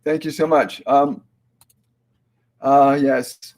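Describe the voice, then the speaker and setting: A man hosting a live-stream spiritual Q&A as a medium, speaking slowly and in a measured way, often halting with fillers and restarts. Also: medium pitch, steady tone, a little mellow. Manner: slow, measured delivery when relaying messages.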